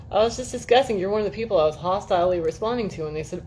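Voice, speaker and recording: A woman's voice: medium pitch, lively intonation, quick pace, pauses often, a little mellow, slight background noise. A woman chatting casually to viewers on a livestream from her home, rambling, swearing freely and laughing at herself often. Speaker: livestream host. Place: indoors at home, air-conditioned room.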